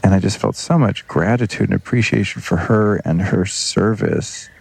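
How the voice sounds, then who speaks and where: A podcast host speaks alone in a loose, earnest, rambling way and drops the odd swear word. His voice sits very low, with a gravelly fry and a husky edge. He talks like he is thinking out loud. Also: moderate pace. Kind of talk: unscripted reflective monologue.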